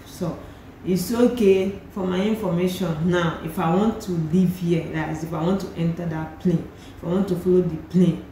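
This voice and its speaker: With a lowish, dark-toned voice, this young Nigerian woman vlogs a lively account of something that happened to her, mixing in pidgin in her Nigerian accent. The very echoey room adds faint ambience, along with a little hiss or hum.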